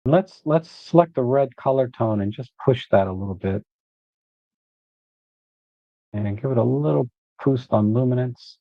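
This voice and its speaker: A man hosting a live photo editing walkthrough, relaxed and thinking aloud as he works. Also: mid-range voice, moderate pace, gravelly, no room sound, dull audio.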